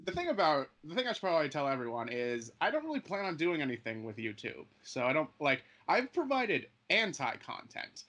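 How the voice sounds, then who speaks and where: Rambling young man with a higher voice. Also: a little fast, few pauses. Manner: rambling, deadpan, self-interrupting. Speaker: channel co-host. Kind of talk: casual podcast chat.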